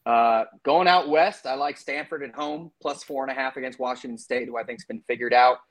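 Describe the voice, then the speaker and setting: Guy rattling off his football bets, casual and rambly, lots of uhs, regular mid voice. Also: medium pitch. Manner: loose and chatty, lots of fillers and asides. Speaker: podcast co-host making betting picks. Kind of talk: casual sports-betting chat.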